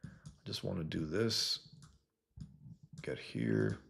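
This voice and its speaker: A man's voice: very deep voice, big pitch swings, slow, vocal fry, background noise. A man hosting a casual livestream, reading chat comments and rambling bluntly, often trailing off mid-sentence.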